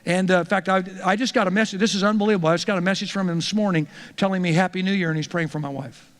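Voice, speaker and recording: High-voiced pastor in an echoing hall. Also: male voice, fairly even intonation, rapid-fire. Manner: conversational storytelling, repeats words when starting phrases. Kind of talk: teaching talk to church leaders.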